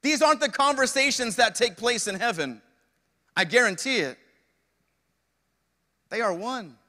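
A young male pastor preaching in a church with a long hall echo around him. His voice sits high and ringing, and he takes his time, pausing often and checking in with the congregation. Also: lively intonation, sharp tone. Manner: preaching with call-outs to the congregation. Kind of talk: sermon.

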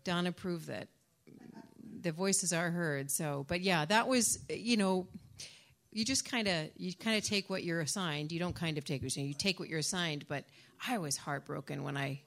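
A woman's voice: lowish voice, normal speed, creaky. A woman with an Irish accent, an audiobook narrator answering audience questions in a chatty, laughing, rambling way with many restarts. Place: conference room with audience.

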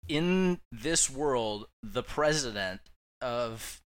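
A man's voice: mid-range voice, expressive, drawn-out words, smooth. A man co-hosting a podcast in casual chat, rambling with many restarts and frequent laughter. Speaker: podcast co-host.

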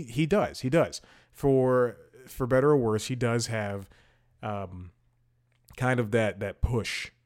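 A man with a slightly low voice talks through his opinions as a podcast host. He rambles, stumbling over fillers and restarting sentences as he thinks out loud. His delivery is casual and unscripted. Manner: opinionated, thinks aloud while scrolling. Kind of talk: casual commentary.

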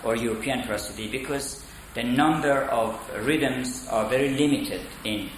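A man giving a spoken lecture on poetry, deliberate and halting with many fillers. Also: mid-range voice, a little hiss or hum. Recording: echoey room.

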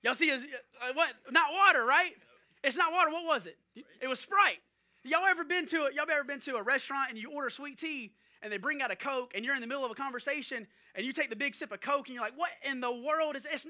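A male pastor preaching a sermon, animated and joking, talking straight to the congregation. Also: very high voice, quick pace. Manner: animated storytelling with jokes and audience asides.

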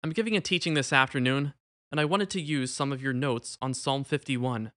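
A man's voice: medium pitch, fairly quick, fairly bright tone, no room sound, natural voice. A man voicing a friendly fellow friar, speaking in a matter-of-fact way. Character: brisk male friar, friendly colleague.

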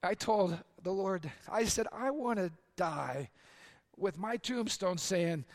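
A middle-aged man, a pastor, preaching a sermon with earnest personal stories, dropping quiet for confessions and lifting for the punchlines. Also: high-pitched, animated, unhurried, gravelly.

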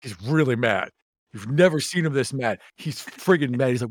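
A man's voice: medium pitch, lively intonation, moderate pace, no echo, clean studio sound. A man playing a tabletop game, talking casually and animatedly about his character. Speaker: player.

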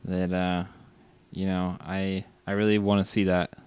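A man's voice: deep voice, little pitch movement, unhurried, darkish tone, clear, resonant tone, dry recording. A man co-hosting a podcast, hesitant and enthusiastic in casual chat. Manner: hesitant, enthusiastic, says dude. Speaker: podcast co-host.

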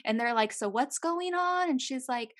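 In a casual chat, a young woman retells a true-crime story, giving the people in it animated voices and swearing often. Her voice sits high and moves at a moderate pace.

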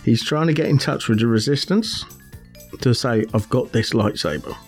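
A man co-hosts a laid-back podcast conversation, laughing frequently and illustrating his points with examples. His voice is medium in pitch and somewhat dark, delivered at a moderate pace, with faint music in the background.

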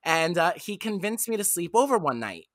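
A young woman telling a candid, self-deprecating story on a podcast, animated and quick to joke at her own expense. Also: on the low side, no room sound. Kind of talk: casual storytelling chat.

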